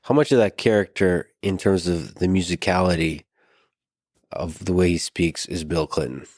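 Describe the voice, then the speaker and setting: A man with a very deep voice asks long, careful questions as a podcast host, stumbling over and repeating small words as he thinks. The recording is close and dry. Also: darkish tone, no room sound. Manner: halting, thoughtful, with repeated words. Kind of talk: interview questions.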